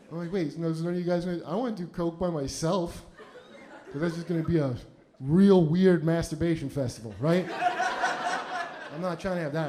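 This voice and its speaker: A male comedian and podcast host telling a rambling, profane personal story in casual chat, often laughing as he goes. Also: a little high.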